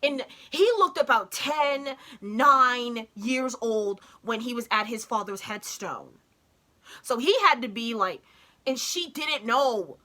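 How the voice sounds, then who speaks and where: A woman gushing excitedly in casual commentary as she reacts to a show, swearing and breaking off mid-sentence. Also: a little high, slow.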